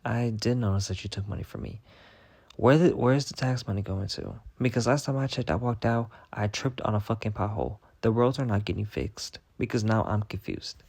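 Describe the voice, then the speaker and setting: A young man with a fairly low voice rants to camera about his pay. He is exasperated and repeats himself, swearing freely. The sound is dry and close, with no room echo. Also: brisk, a little mellow. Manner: exasperated, repetitive, swears a lot. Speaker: vlogger. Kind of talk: casual storytime rant.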